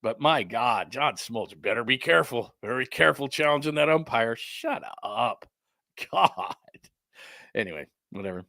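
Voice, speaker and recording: A man's voice: mid-range voice, animated, normal speed, gravelly, bright, forceful tone, no echo, clean studio sound. A man hosting a sports talk show, ranting heatedly and sarcastically, mocking others with put-on quotes. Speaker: sports radio host.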